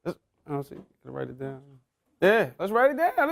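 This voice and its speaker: Man, motivational speaker, high voice, very animated pitch, slangy, quizzing the crowd. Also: fast, creaky. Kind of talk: interactive talk to a young audience.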